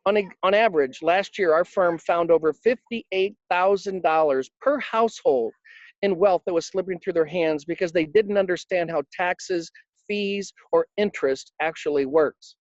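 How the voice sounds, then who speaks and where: A high-pitched man, interviewed about coaching financial advisors, tells anecdotes at a moderate pace, adding emphasis and acting out the quotes in conversational storytelling. The audio has no echo, but the highs are cut off.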